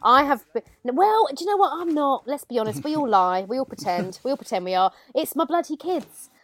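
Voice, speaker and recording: Lively, high-voiced woman in frank chat. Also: fairly quick, crowd noise. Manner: frank, self-mocking. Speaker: podcast co-host. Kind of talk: casual chat.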